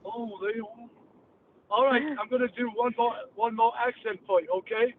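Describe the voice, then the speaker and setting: A brash, profane Cockney man hosting a podcast, telling his stories in a loose, rambling way. His voice sits very high. The sound is thin and phone-like, with a faint hiss underneath. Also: steady tone, moderate pace. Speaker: podcast host.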